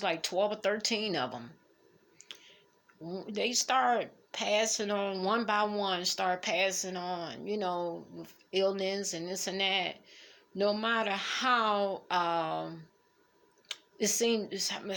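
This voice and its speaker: A middle-aged woman, speaking haltingly and emotionally as she reflects on family in a personal vlog. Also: medium pitch, vocal fry, a bit bright. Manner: emotional, halting, fighting back tears. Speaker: vlogger.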